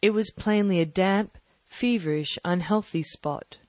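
A woman narrates an audiobook in a measured, even storytelling manner. Her voice sits in a middle register. The recording is close and dry, with no room sound. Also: mid-range voice, no echo. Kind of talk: scripted narration.

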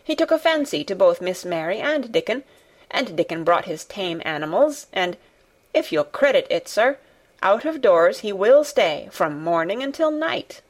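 A woman's voice: medium pitch, very animated, normal speed. A woman reading the part of a flustered, fussy middle-aged housekeeper who explains breathlessly to her master. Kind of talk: audiobook character reading.

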